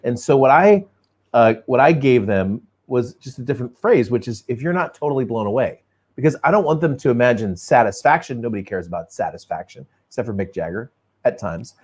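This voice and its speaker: A man's voice: mid-range voice, animated, brisk, darkish tone, slightly rough. A man hosting an interview, talking directly to viewers with emphatic points. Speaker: host. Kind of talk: interview conversation.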